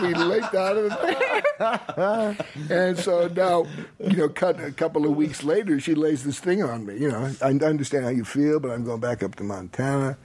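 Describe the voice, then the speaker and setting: A man, older, telling a personal story in a casual conversation, animated, often laughing and acting out what people said. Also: sits high, moderate pace, a loud crowd. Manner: animated, laughs while telling, acts out quotes.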